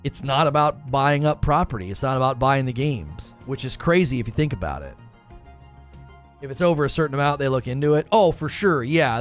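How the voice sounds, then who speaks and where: A man's voice: a little high, expressive, normal speed, soft background music. A man hosting a gaming live stream, talking casually, rambling, joking and repeating himself as he reads chat.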